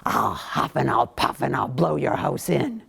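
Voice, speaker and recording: A woman voicing the big bad male wolf in a children's fairy tale, in a slow, drawn-out chant, a little away from the mic. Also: rumbling low, sing-song, vocal fry, a bit bright, husky, pitched below the performer's own voice, full character voice. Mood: demanding.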